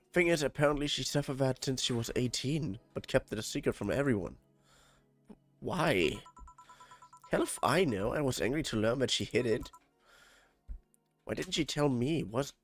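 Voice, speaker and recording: A man with a German accent reading game dialogue aloud on a stream, tripping over words and swearing when annoyed. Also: medium pitch.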